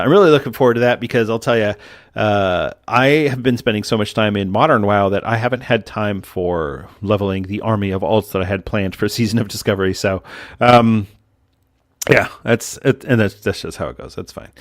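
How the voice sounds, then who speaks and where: A man's voice: mid-range voice, no echo, clean studio sound. A man hosting a podcast, talking in a casual monologue, exasperated and ranting with frequent restarts. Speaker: podcast host.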